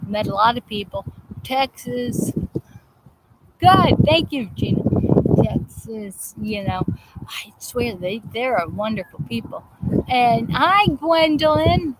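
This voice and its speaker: A woman hosting a live chat show, rambling casually with halting restarts and fillers while greeting viewers outdoors. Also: on the high side, animated. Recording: loud background noise, vehicles passing.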